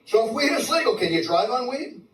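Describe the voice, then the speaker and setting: A man's voice: extremely high pitch, sing-song, fairly quick, fairly bright tone. A man from New doing brash stand-up with stammered restarts and crude punchlines. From New York City. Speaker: stand-up comic. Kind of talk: live stand-up set. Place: comedy club stage with audience. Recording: roomy live club recording from a distance. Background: audience laughter.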